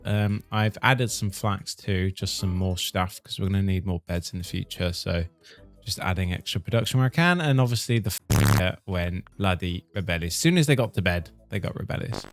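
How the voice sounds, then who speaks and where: A man talks through a strategy game in a relaxed, joking commentary. His voice sits a little low with a gravelly edge. He keeps up a cheeky running chatter, teasing and mildly cursing the characters he controls. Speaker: gaming commentator. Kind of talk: casual gameplay commentary.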